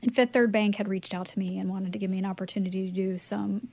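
A woman guest telling a personal story in casual chat, animated and emotional, jumping up in pitch when she acts out quoted lines. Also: fast. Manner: emotional, cries easily.

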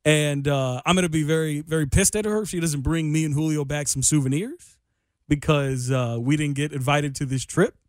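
A man's voice: on the high side, steady tone, normal speed, no room sound. A young man hosting a sports radio show in a studio, talking in a loose, rambling, self-deprecating way. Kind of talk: casual sports radio talk. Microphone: studio microphone.

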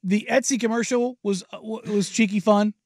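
Man, radio co-host, sarcastic, dry, higher voice, close dry studio mic. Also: steady tone, brisk, darkish tone, dry recording. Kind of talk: casual sports radio chat.

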